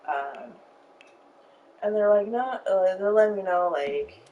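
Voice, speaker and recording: A woman's voice: medium pitch, animated, measured pace, mellow, recorded from a distance, highs cut off, slight background noise. A young woman from Arizona rambling through an emotional personal story with lots of fillers while she plays a game. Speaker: streamer telling a story. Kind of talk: casual storytelling while gaming.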